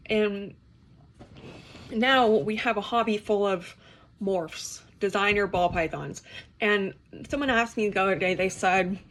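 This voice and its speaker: Exasperated young woman, vlog rant, mid pitch, profane, choppy restarts. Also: measured pace, a bit bright. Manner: exasperated, swearing, talks in restarts. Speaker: reptile keeper. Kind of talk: ranting to camera.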